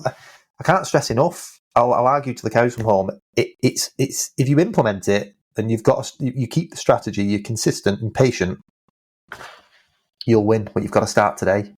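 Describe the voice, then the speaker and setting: A man's voice: lowish voice, darkish tone. A man hosting a podcast in casual chat, talking with enthusiasm and often repeating words as he speaks. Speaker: podcast host.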